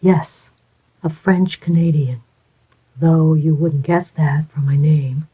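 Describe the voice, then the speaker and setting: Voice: mid-range voice, fairly even intonation, takes it slowly. A reader whispering a sly, sneering impostor. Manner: smooth, sly, faintly mocking. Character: sly, contemptuous man posing as a major. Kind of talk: whispered role-play. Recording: dull lo-fi recording.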